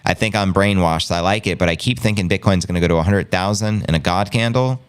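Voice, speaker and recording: A man's voice: low voice, fast talker, clean tone. A man with a New York City area accent hosting a casual live stream, reading viewer chat and calling his audience family. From Long Island, New York. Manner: animated, hype-filled, talks to viewers as family. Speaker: livestream host reading chat.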